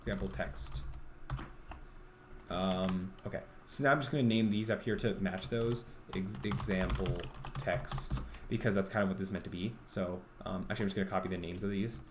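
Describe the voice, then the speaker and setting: Low-voiced man coding on stream. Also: fairly even intonation, normal speed, slight background noise. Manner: rambling, self-talking, full of ums and restarts. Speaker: game developer streamer. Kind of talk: livestream thinking aloud while coding.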